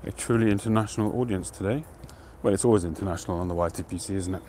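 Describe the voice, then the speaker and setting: A man hosting a live stream outdoors, chatting to viewers in a relaxed, rambling way and greeting them by name. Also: low-pitched, rapid-fire, slight background noise. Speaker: pipe-smoking livestream host. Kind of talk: casual live-stream chat.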